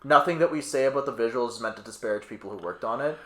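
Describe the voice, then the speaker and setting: A young man co-hosts a film podcast in a loose, rambling way. He leans on fillers and quick asides, and his mid-pitched voice carries a roomy echo. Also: fairly bright tone. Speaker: podcast co-host. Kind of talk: casual film review chat.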